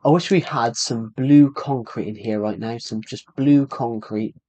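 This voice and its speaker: A man's voice: medium pitch, a little slow, dark tone. A young man chatting casually on a live stream while he plays, rambling, stumbling over words and poking fun at himself. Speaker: livestreamer.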